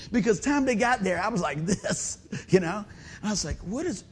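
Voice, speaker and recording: High-voiced man preaching a story sermon. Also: lively intonation, moderate pace, slight background noise. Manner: storytelling with shouted sound effects and questions to the congregation. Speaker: pastor.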